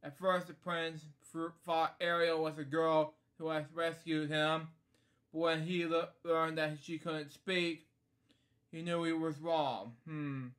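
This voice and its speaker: A man reads a children's storybook aloud, often breaking off for rambling asides. His voice sits somewhat high, and his delivery is loose and unscripted. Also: little pitch movement, slow, fairly bright tone. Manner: rambling asides, many fillers like "anyway" and "so there you go". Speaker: storybook reader and host. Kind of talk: casual storybook read-aloud with commentary.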